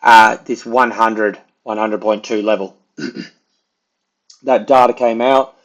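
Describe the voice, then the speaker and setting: A man's voice: on the low side, fairly even intonation, slow pace. A man casually walking through price charts as a market analyst, loose and conversational, with plenty of filler words. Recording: dull lo-fi audio.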